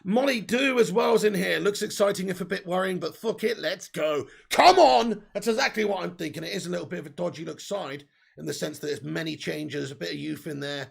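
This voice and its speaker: Brief: male watch-along host, high-ish gravelly voice with a husky edge, casual, excitable. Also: quick pace. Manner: excitable, casual, swears, reads out viewer messages. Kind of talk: live football watch-along commentary.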